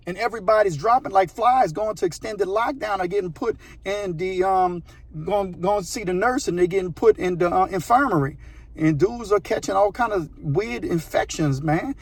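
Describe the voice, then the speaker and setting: Male host, husky voice, slightly high pitch, animated slangy storytelling. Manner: animated, slangy, repeats phrases for effect. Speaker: channel host. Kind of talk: casual storytelling.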